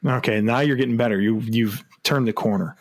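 A man's voice: medium pitch, fairly quick. A man co-hosting a casual sports podcast, laughing often and restarting his sentences. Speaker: podcast co-host.

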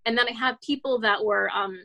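A woman's voice: a little high, brisk, creaky, pushed and bright, rough recording. Earnest rambling woman in her forties. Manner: rambling, frequent "like" fillers and restarts; earnest, reflective storytelling. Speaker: guest, children's author. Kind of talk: casual interview talk.

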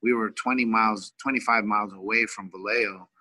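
A man's voice: fairly low pitch, fairly even intonation, fairly quick, sharp tone, no room sound, rough recording. A man in his forties from California, a wrestling coach telling a heartfelt personal story in an emotional, rambling way, full of fillers. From California, USA.

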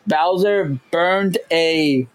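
A man with a fairly high voice chats casually as a podcast co-host. He talks in an animated way, leaping into squeaky tones whenever he quotes someone. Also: very slow, poor audio. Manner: animated, jumps into high voices when quoting. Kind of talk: casual chat.

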